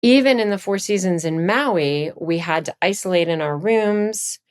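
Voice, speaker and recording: A middle-aged woman from Virginia, a podcast guest, chatting casually and telling animated stories, leaping up in pitch for quoted lines. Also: normal speed, clear, resonant tone. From Virginia, USA. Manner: animated storyteller, jumps high for quoted lines. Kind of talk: casual chat.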